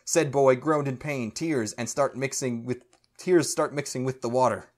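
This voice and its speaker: A man's voice: mid-range voice, normal speed. A man podcast co-host reading fan fiction aloud for comedy, stumbling over the awkward prose and breaking into laughter.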